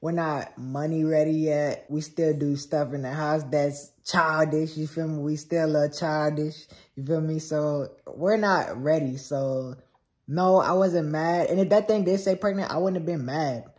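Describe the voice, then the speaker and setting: A man's voice: a little high, fairly even intonation, measured pace. Laid-back teasing young man. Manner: teasing, laid-back, talks to viewers directly. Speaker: vlogger. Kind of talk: casual couple vlog. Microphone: phone camera.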